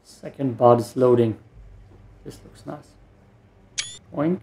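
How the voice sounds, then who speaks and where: A man's voice: medium pitch, steady tone, measured pace, gravelly, mellow, slight background noise. A man giving casual let's play commentary while gaming, with meandering mumbled asides. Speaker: gaming streamer.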